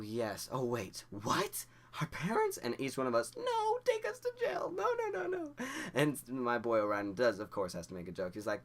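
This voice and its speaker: A man's voice: lowish voice, fairly bright tone. A young man from Idaho telling a story to camera in a rambling, stammering way, acting out what others said. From Idaho, USA. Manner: rambling, stammering restarts, acts out quoted dialogue. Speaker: vlogger.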